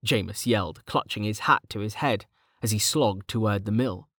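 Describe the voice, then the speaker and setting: A man narrating a fantasy novel in a steady, measured storytelling voice. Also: fairly low pitch, dry recording, clean studio sound. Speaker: audiobook narrator.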